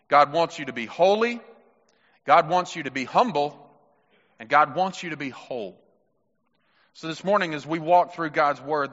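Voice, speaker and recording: Male pastor, sermon, slightly high voice, muffled recording. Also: bright, forceful tone. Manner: emphatic, addresses mothers directly. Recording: muffled sound with long hall reverb.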